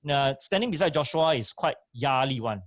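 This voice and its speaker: Male co-host, mid pitch, dry close sound, instructive. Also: lively intonation, normal speed, no room sound. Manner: emphatic, instructive, repeats key points. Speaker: co-host and motivational speaker. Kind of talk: casual chat, giving advice.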